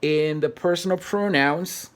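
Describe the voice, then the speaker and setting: A man walks through a grammar lesson at the whiteboard, patient and unhurried. His voice sits slightly high, and he goes over each point more than once, counting syllables aloud one by one. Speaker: Spanish teacher. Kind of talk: classroom-style video lesson at a whiteboard.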